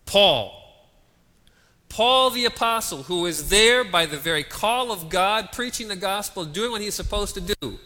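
A male preacher delivers a sermon with a high, bright voice that swoops and soars through his phrases. He speaks slowly and dramatically, putting rhetorical questions to his listeners. The sound rings with the long reverb of a large hall. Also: animated.

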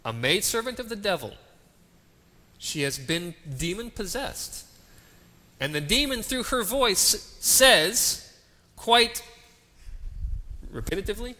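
A male preacher delivers a sermon with a high, bright voice that swoops and soars through his phrases. He speaks slowly and dramatically, putting rhetorical questions to his listeners. The sound rings with the long reverb of a large hall. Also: big pitch swings.

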